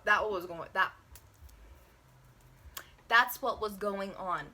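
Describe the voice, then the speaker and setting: Bright-voiced young woman telling a story. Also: medium pitch, takes it slowly. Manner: profane, animated storytelling. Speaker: vlogger. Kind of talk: casual storytime. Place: bedroom at home. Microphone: handheld camera.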